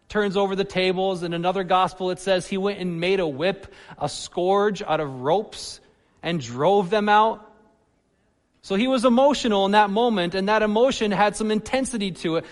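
A man delivers a sermon in a church hall, his voice sitting high for a man. He swings between loud, animated emphasis and soft, quiet asides. A long reverb trails his words. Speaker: pastor.

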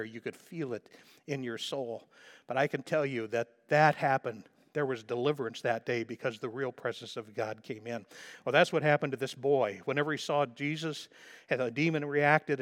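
A man's voice: medium pitch, a bit bright. A man preaching a sermon as a pastor, fervent and emphatic, repeating phrases for emphasis.

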